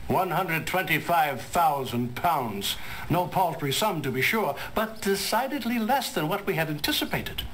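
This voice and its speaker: An actor playing an upset titled gentleman who explains a theft in a formal, detailed way, in a 1990s video game. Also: on the high side, animated, a little slow, slight background noise. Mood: troubled. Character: upset gallery patron, a titled Englishman. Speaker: witness.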